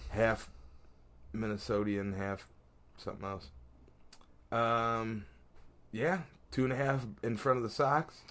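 A man's voice: on the low side, steady tone, slow pace, pauses often, fairly bright tone. A man co-hosting a casual sports podcast, rambling with lots of fillers and restarts. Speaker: podcast co-host.

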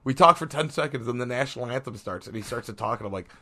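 A man's voice: medium pitch, fast talker, noisy background. Male podcast co-host, loose and rambling, chatty sports banter. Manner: rambling, many fillers and restarts. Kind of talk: casual sports chat.

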